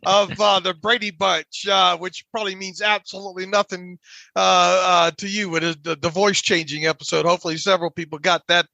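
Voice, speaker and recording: High, gravelly man rambling on a podcast. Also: pushed and bright, no echo. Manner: rambling, many fillers and repeated words, jokey. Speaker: podcast co-host. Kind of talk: casual sports podcast chat.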